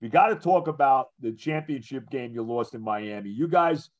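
An older man hosting a sports podcast, talking in an animated, emphatic way like a lifelong fan. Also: medium pitch, moderate pace, lo-fi sound. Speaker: podcast host. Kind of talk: casual interview chat.

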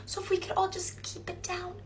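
A woman playing a hoarse sick teacher. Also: very high voice, completely flat delivery, brisk, slight background noise. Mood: strained hush. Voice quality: breathy, half-whispered. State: hoarse, strained throat. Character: hoarse sick female teacher losing patience. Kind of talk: comedy skit.

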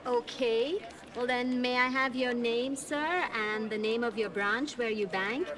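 An actress playing a young call center agent, polite and eager on the line. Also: female voice, fairly high pitch, fairly even intonation, unhurried, a crowd in the background, close to an everyday voice.

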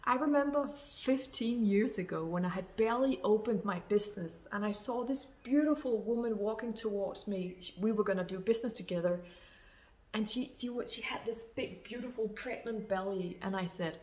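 A woman's voice: mid-range voice, moderate pace, a little mellow. A woman speaking as a love coach, giving an earnest spoken monologue of advice to women. She talks emphatically, repeating her phrases and calling her listeners sisters.

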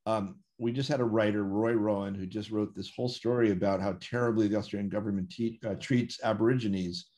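American man with a low voice telling rambling stories. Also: steady tone, fairly quick, few pauses, darkish tone. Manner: rambling anecdotes with many fillers and self-corrections. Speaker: interview guest. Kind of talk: storytelling in a conversation.

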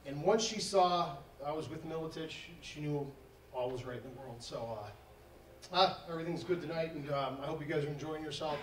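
Storyteller at a live panel: higher-pitched man, rambling and laughing, echoey hall, heard from afar. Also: fairly quick. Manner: rambling, laughing, acts out quoted dialogue. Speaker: event speaker telling a fight story. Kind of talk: casual storytelling to a live audience. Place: event hall. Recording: echoey hall, distant mic, faint noise.

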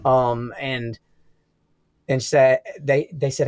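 A man's voice: medium pitch, extremely slow, long pauses, no room sound. A young man with a Southern US accent, telling wild stories as a podcast guest, swearing a lot and laughing often. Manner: profane, animated storyteller, laughs often. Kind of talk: casual storytelling interview.

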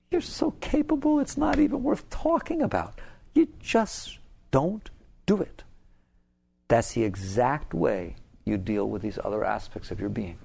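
Animated older man giving a spiritual talk. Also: medium pitch, vocal fry. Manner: animated, laughing, rhetorical questions to the audience. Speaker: spiritual teacher.

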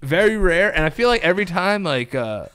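Guy on a podcast, kinda high voice, bounces all over the place, swears a lot, super casual. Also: clear, resonant tone. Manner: animated, profane, quick storytelling. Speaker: podcast co-host. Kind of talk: casual chat. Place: indoor podcast studio.

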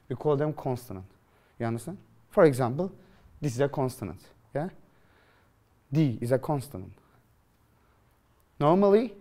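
Guy with teaching a grammar class, fairly high voice, jumps around a lot in pitch, keeps asking "you understand?". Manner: lively, questioning, repeats phrases to students. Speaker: English teacher.

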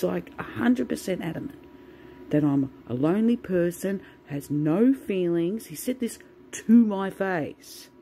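A woman's voice: lowish voice, creaky, mellow, slight background noise, low-quality recording. A woman venting in a casual, swear-filled monologue to the camera. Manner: swears a lot, ranting. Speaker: vlogger.

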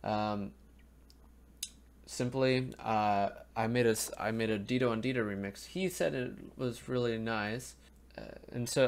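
A young man with a creaky mid-range voice speaks unhurriedly, with long pauses, while commenting on music for a reaction video. He sounds sleepy, yawns, and often trails off into ums and restarts as he rambles. He's in a home room at a webcam, with faint music playing.

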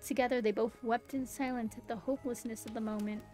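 A woman's voice: on the high side, steady tone, fast talker, dark tone, low-quality recording. A young woman streamer reading a game's story aloud in a theatrical style, breaking off now and then for amused asides. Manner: theatrical narration broken by giggly asides. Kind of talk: dramatic read-aloud with asides. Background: faint background music.

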